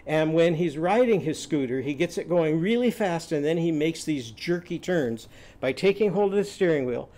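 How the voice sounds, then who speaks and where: A man teaching a phonics lesson, telling short stories and quizzing the class with loud, drawn-out vowel sounds. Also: on the high side. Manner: animated, loud drawn-out vowel shouts and quiz prompts.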